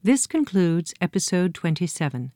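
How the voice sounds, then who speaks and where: A woman's voice: lowish voice, normal speed, no room sound, clean studio sound. Woman reading a storybook aloud. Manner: gentle, expressive reading with character voices. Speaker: narrator.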